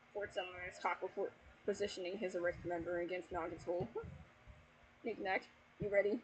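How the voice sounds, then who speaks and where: At home late at night while the family sleeps, a YouTuber reads fanfiction aloud, stopping to laugh and to vent exasperated commentary laced with heavy swearing. Her voice sits in the middle range, and the low-quality recording carries a faint hiss or hum.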